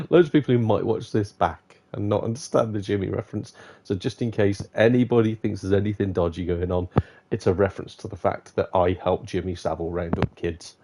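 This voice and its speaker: Gravelly man chatting over gameplay. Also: on the low side, normal speed, mellow, slight background noise. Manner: chatty, self-mocking, laughs often, mutters to himself. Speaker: gaming streamer. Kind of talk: casual live gameplay commentary.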